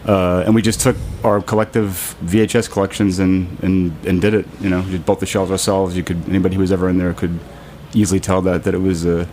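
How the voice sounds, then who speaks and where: A man with a very low voice talks quickly and loosely as a podcast guest. He rambles through his answers with easy filler phrases, and faint noise sits underneath. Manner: relaxed, rambling, says "you know" often. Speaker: guest, cinema co-founder. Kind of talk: casual interview answers.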